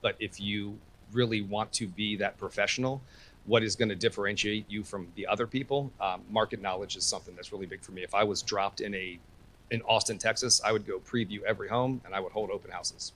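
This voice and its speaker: A man on a panel giving measured advice. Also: lowish voice, fairly even intonation, a bit bright.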